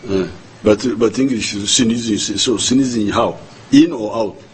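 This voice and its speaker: An older man with a Ugandan accent delivers a formal national address in an unhurried, deliberate way, circling back over words as he looks for the next one. His pace is very slow. A faint noise sits under the recording. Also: fairly low pitch, poor audio. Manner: slow and deliberate, repeating words while searching for them. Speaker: head of state addressing the nation.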